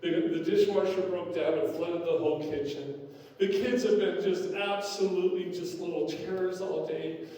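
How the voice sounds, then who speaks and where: A man's voice: sits high, fairly even intonation, normal speed, dark tone, voice pushed up, close to an everyday voice. A man putting on a frazzled, fed-up wife. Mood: exasperated. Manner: raised, exasperated complaining. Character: frazzled adult wife, at her wits' end. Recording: echoey church hall, distant mic.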